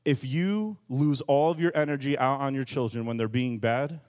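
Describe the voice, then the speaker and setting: A man preaching a sermon in a lively, joking and emphatic way, leaning hard on key words. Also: medium pitch, normal speed. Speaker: pastor.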